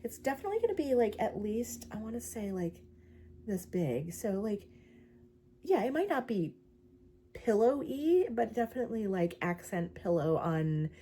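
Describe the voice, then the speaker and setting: A young woman chats her way through a crochet vlog in a loose, rambling manner. She fills her talk with likes and ums while showing her yarn. Her pitch sits in a middle range for a woman. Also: sing-song, normal speed, dark tone, a little hiss or hum. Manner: chatty, rambling, many fillers and likes. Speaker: crochet vlogger. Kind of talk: casual craft vlog chat.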